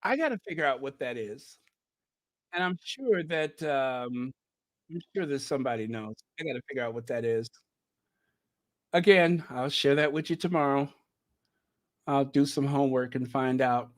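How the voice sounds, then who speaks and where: A male channel host gives casual live reaction commentary, chatting and thinking aloud as he speaks straight to his viewers. His medium-pitched voice is expressive and runs at normal speed.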